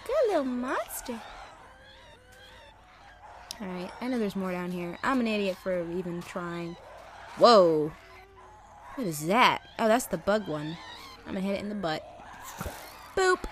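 A woman's voice: lowish voice, normal speed, pauses often, background noise. A young woman giving casual, sarcastic let's play commentary, talking to the game's creatures as she plays. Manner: animated, sarcastic, talks to game creatures.

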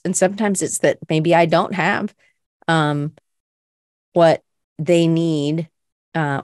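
Brief: middle-aged woman podcast host, lowish voice, casual rambling self-reflection. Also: no echo, studio quality.

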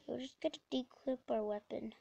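A woman giving casual, rambling commentary while playing a video game, breaking into sudden excited exclamations. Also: on the high side, moderate pace, gravelly, slightly rough, no echo, highs cut off. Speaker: let's play gamer.

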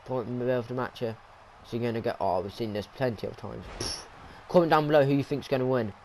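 A young man giving excited, rambling play-by-play commentary over a wrestling video game, pleading with the action on screen. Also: medium pitch, fast, a little hiss or hum. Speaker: gaming commentator.

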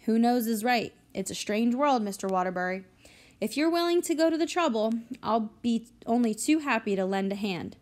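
A woman's voice: fairly high pitch, animated, normal speed, darkish tone, close to an everyday voice. A woman reading an audiobook, voicing a folksy, resigned small-town real estate agent.

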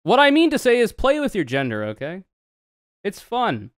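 A man's voice: high voice, wildly swooping pitch, normal speed, smooth, dry recording, clean studio sound. A young man streaming casual reaction commentary, joking and rambling with a lot of swearing.

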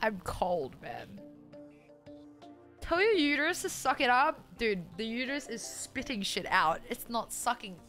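Loud, swearing young woman streamer. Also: a little high, very animated, measured pace, faint music behind. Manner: loud, profane, exasperated, laughing often. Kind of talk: casual live-stream chat, reading chat aloud.

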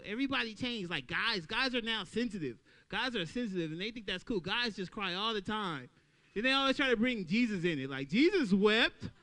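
A man doing a stand-up comedy set at an open mic, talking loudly and playing out little voices for the crowd. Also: sits high. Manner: loud, animated crowd work with acted-out voices.

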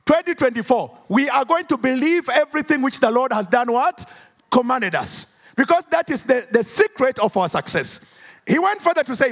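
A man's voice: very high-pitched, big pitch swings, moderate pace, a bit bright. A man with a Ugandan English accent preaching a sermon in church, drawing call-and-response from the congregation and rising into sing-song emphasis. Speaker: pastor.

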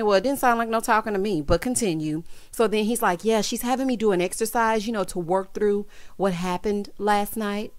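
A woman's voice: fairly high pitch, no room sound. A woman doing a sassy recap of a TV episode, calling the listener child and honey and acting out the characters' lines. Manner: mimics the characters in quoted asides. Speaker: TV recap host. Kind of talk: casual recap commentary.

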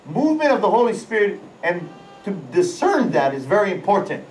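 A man, senior pastor, preaching a lively, animated live sermon. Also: sits high, fairly quick, distant mic, a little hiss or hum. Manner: lively, animated, with sound-effect words. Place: large auditorium during a church service. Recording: echoey hall, voice away from the mic, faint ambience.

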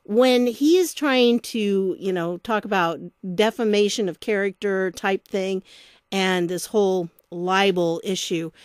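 A woman's voice: medium pitch, a little slow, clear, resonant tone, no room sound, studio quality. A woman giving casual political commentary, chatty and sarcastic, laughing often as she reads documents aloud.

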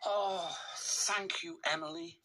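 A man's voice: high voice, fairly even intonation, slow, very noisy, pitched above the performer's own voice. A man voicing a sick, grumbling male steam engine who moans and sulks in a storybook reading. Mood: relieved. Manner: moaning, self-pitying.

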